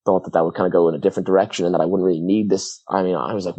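Low, dark-voiced Irish man, rambling. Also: steady tone, racing, hardly any pauses, husky, no room sound, low-quality recording. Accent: Irish, partly Americanized. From Ireland. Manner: rambling, many fillers and restarts. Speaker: football coach, guest. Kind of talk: reflective interview talk.

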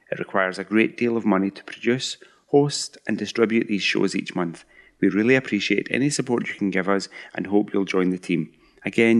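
A man's voice: fairly low pitch, gravelly. A man from the United Kingdom, hosting a podcast with wry, mock-grumpy humor. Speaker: podcast host. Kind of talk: casual podcast chat and sign-off.

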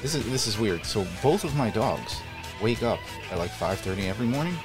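A man's voice: animated, fairly quick, music in the background. A man co-hosting a sports podcast, rambling through casual stories and laughing often. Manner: rambling, laughs often, drops low when tired. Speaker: podcast co-host.

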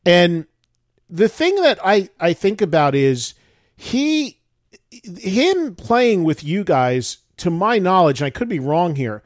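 A man's voice: high voice, very animated, slow pace, no echo, studio quality. A man hosting an interview, asking long, rambling questions and thinking aloud. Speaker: radio and podcast host. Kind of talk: interview chat.

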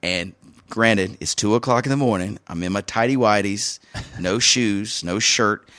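A middle-aged man, a podcast host, telling a story in casual chat, animated, often laughing and acting out what people said. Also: fairly low pitch, moderate pace, dry recording, clean studio sound.

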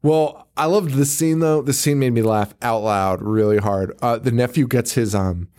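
A man's voice: medium pitch, normal speed, darkish tone. A man co-hosting a podcast, casually recapping a movie in a rambling way, swearing freely, laughing often and mimicking characters. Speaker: podcast co-host.

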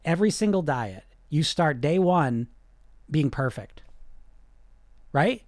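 A man's voice: no echo, studio quality. A man who coaches weight loss through hypnosis, talking casually and emphatically, often checking in with "you know". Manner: emphatic, conversational, keeps asking "you know"; swings from loud and high to low and quiet. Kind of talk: casual motivational talk.

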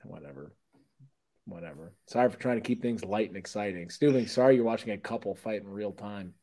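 A man co-hosting a podcast, telling stories in a joking, profane, animated way. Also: lowish voice, quick pace. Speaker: podcast co-host. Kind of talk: casual chat.

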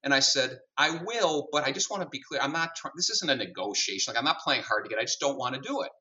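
Guesting on a podcast, a middle-aged CEO walks through his career as a lively storyteller, voicing each party in the exchanges he recalls. He talks very fast in a mid-range voice that is bright and forceful. The recording is muffled and dull because he is a little off-mic and far from it.

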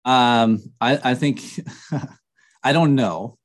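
A middle-aged man talking earnestly in an interview, slightly nasal, pausing often with fillers and restarts. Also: medium pitch. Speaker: podcast guest, author. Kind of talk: casual interview talk.

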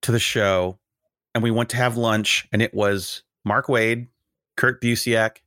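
A man's voice: lowish voice, measured pace, no echo, studio quality. A middle-aged man hosting a podcast, chatting casually and acting out the voices of people in his anecdotes. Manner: animated, acts out quoted voices in anecdotes. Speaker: podcast host. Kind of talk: casual conversational storytelling.

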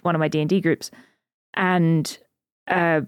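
A woman's voice: low-pitched, level tone, unhurried, clear, resonant tone, no echo. A woman co-hosting a podcast in a casual, giggly chat with many fillers. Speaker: podcast co-host.

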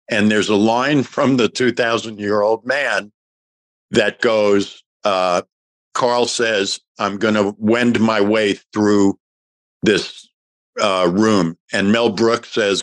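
A man's voice: on the low side, no room sound. An older man, an actor, telling a long story in an interview and acting out the lines of everyone in it. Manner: animated storyteller acting out quoted dialogue. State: emotional. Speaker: guest actor.

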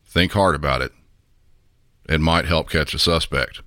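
Man from the south, super low voice, walks the listener through questions, podcast host. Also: bright, forceful tone, no room sound, clean studio sound. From Southern United States. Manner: measured, asks the listener questions. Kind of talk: instructive podcast talk.

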